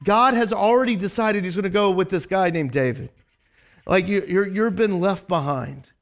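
A man's voice: high voice, moderate pace. A man voicing an old male prophet who bluntly scolds a king. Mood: scolding.

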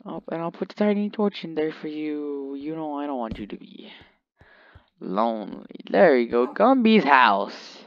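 Slow, lively rambling young gamer guy. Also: a little high, dry recording. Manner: rambling, jokey, talks to his pet in the game. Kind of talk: casual gameplay commentary. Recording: dull lo-fi mic.

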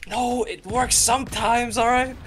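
A man's voice: very high voice, fairly even intonation, measured pace. A man teasing his friend and laughing while playing an online fighting game. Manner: teasing, laughing, repeats taunts. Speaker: gamer. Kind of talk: casual gaming banter. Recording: noisy game audio with clicks.

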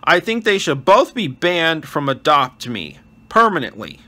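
A man's voice: on the high side, sing-song, unhurried, sharp tone. A male channel host giving earnest voice-over commentary on gameplay and reading chat aloud. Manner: wishes viewers a blessed day.

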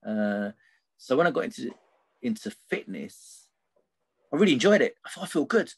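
This middle-aged podcast guest has a creaky, slightly rough medium-pitched voice and sounds very animated while keeping a moderate pace. He rambles loosely and candidly through a personal story, often checking in with "right?" The recording is dry.

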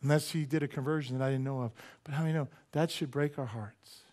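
A male pastor preaching a sermon in a church, animated and joking, asking the congregation rhetorical questions. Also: medium pitch, fast. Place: church sanctuary.

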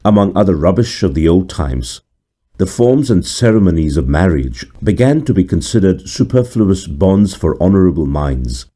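A man reads a classic horror tale aloud with deliberate, dramatic pacing. His voice is deep and mellow, and it moves expressively through a wide pitch range. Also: animated, slightly rough. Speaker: narrator. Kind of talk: scripted horror story narration.

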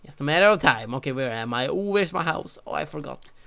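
A man doing let's-play gameplay commentary, talking to himself with animated, exasperated exclamations. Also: fairly high pitch, fast, vocal fry. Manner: animated, exasperated self-talk with frequent exclamations. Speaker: gaming channel host.

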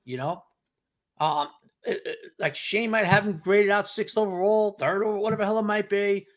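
A man's voice: high-pitched, moderate pace, fairly bright tone. A man co-hosting a casual sports talk show, emphatic and repetitive, acting out the reactions of others. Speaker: podcast co-host.

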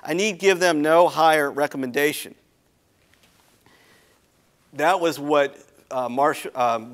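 An American man giving a history lecture at a symposium, talking casually with many ums and restarts. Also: mid-range voice. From United States. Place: lecture hall.

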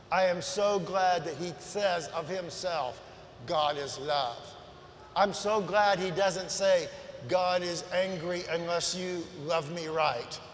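Passionate male preacher, high voice, booming room, slow measured delivery building to shouts. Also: a little hiss or hum. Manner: impassioned, swings from soft to shouting. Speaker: guest preacher. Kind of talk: sermon. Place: large church sanctuary. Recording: echoey church hall.

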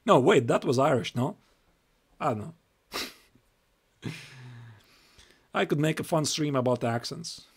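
A man's voice: fairly high pitch, lively intonation, unhurried, creaky, long pauses, husky. A young Latvian man with a Latvian accent giving a chatty live-stream chess lesson, reading moves aloud and repeating himself.

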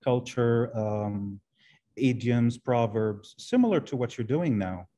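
A man's voice: medium pitch, animated, slow, warm tone. A man whose first language is Arabic, a translation professor speaking as a guest in an interview, thoughtful and often repeating words as he searches for phrasing. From Arab world. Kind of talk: interview conversation.

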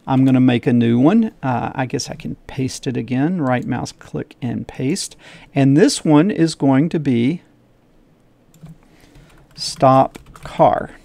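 A man's voice: medium pitch, creaky, warm tone, dry recording. A middle-aged man teaching a coding lesson while he shares his screen, thinking aloud, repeating steps and checking his own work.

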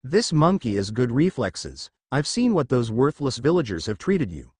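A man's voice: medium pitch, sing-song, moderate pace, husky, no echo. A man voicing a huge caged male fox demon who taunts in a creepy way, read from a fan fiction story. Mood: taunting.

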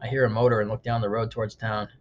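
A male audiobook narrator reading first-person prose at a fast, even clip, mid-pitched and matter-of-fact. The recording is dull and lo-fi, with a faint hiss of noise under the voice.

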